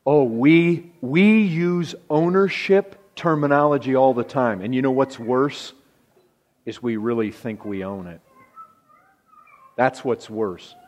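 A man preaching a sermon, emphatic and deliberate, dropping his voice low to stress key words. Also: a little mellow. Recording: long reverb of a large hall.

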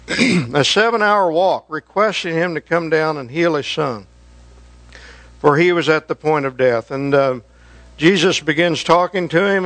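A man with a notably high voice delivers an earnest sermon, pleading with his listeners. He slows down for scripture and lifts his voice to act out desperate prayers. The sound is dry and close, with little room around it. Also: fairly bright tone, no room sound. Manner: earnest, pleading emphasis when quoting prayers. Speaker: pastor.

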